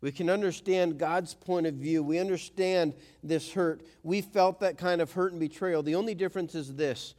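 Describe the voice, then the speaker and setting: A man's voice: fairly high pitch, steady tone, normal speed, few pauses, a little mellow. A man preaching a conversational sermon as a pastor, acting out quoted voices.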